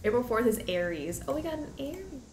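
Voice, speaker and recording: A woman's very animated voice, a little high with a darkish tone, comes through fairly quickly as she giggles and chats her way through a detective game stream, reacting aloud. Game music sounds in an echoey room.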